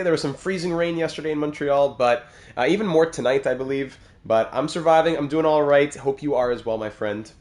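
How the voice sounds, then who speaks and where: A man hosting a live video game stream, chatting casually and upbeat with viewers, greeting them by name and reading their comments from his computer at home. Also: medium pitch.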